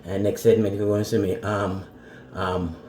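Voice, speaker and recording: A man's voice: lowish voice, little pitch movement, moderate pace, a little mellow, slight background noise. A man with a Jamaican accent, chatting casually as he cooks in his home kitchen, laid-back and laughing often. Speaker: home cook and channel host. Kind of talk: casual cooking vlog. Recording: echoey kitchen with running water. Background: dishes clinking and tap running.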